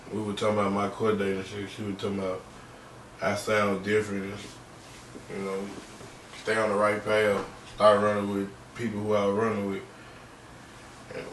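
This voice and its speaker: A young man in a podcast interview, telling a personal story in a halting, slangy, subdued way. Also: lowish voice, fairly bright tone, distant mic. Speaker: podcast guest. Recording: roomy, off-mic, faint background noise.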